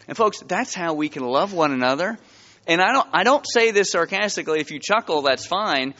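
A man preaching a sermon to his church, telling stories with lively, rising emphasis. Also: on the high side, brisk, in a large hall, highs cut off. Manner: animated storytelling with rising emphasis. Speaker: pastor. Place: church sanctuary.

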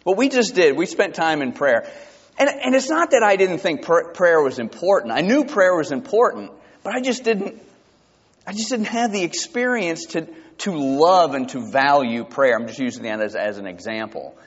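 A male pastor preaching a sermon, emphatic, asking his congregation rhetorical questions and reading scripture slowly. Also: on the high side, very animated, breathy edge. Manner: reads scripture slowly and deliberately. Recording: dull lo-fi recording with long hall reverb.

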